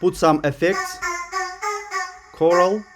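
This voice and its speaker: Guy teaching music production, lots of ums and restarts, slightly high voice, music playing under him. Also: wildly swooping pitch. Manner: halting, many fillers and restarts. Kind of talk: screen-recorded tutorial talk.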